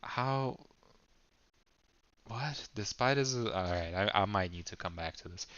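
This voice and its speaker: A man's voice: on the low side, animated, measured pace, a bit bright, no echo, muffled recording. A man reading an AI game prompt aloud, stumbling and laughing as he comments. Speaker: video creator.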